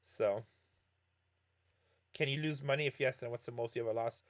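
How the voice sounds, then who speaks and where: A middle-aged poker streamer with a mid-range voice talks at a moderate pace. He chats casually, answers viewer questions, and rambles, frequently correcting himself as he tells stories.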